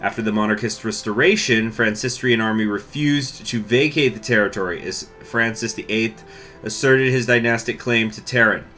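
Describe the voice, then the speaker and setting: Low-voiced man with hiccups playing a game. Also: moderate pace, pushed and bright, soft background music. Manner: chatty, thinking aloud, with throat clearing and coughs. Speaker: gaming YouTuber. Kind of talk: casual let's-play commentary.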